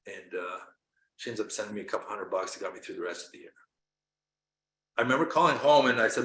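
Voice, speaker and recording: A middle-aged man from Canada, a coach giving an earnest motivational talk, telling stories that swing from quiet to loud. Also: on the low side, expressive, fast, long pauses, slight background noise. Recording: roomy echo.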